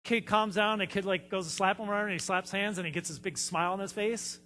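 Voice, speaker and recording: A man's voice: sits high, steady tone, fast talker, sharp tone, long reverb tail. A man preaching a sermon as a pastor, telling stories in a conversational way with frequent fillers. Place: church sanctuary.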